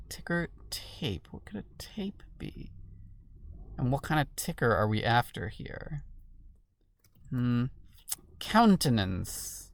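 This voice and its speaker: Woman with a very deep, slow voice, quietly mulling crossword clues to herself. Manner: muttering to herself, musing and questioning. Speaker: crossword solver. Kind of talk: thinking aloud while solving a puzzle.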